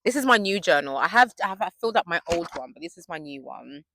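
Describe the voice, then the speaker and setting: A young woman chatting to camera in a faith vlog, telling stories in an excitable, gushing way. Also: lowish voice, fast, noisy background. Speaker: faith vlogger. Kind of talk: casual chat to camera.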